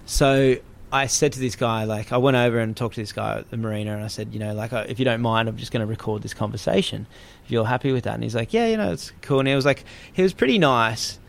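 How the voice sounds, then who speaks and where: Aussie guy rambling thru a story, casual chat, middle pitch, loads of fillers. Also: fast, creaky, few pauses. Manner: rambling, many fillers and restarts.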